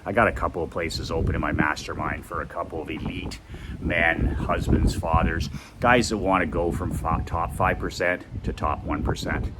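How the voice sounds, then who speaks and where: Deep-voiced man pitching outdoors. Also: fairly even intonation, moderate pace. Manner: emphatic, repetitive, pushy motivational. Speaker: host. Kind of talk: walk-and-talk sales pitch. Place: outdoors at home, walking. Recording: outdoor noise with passing traffic.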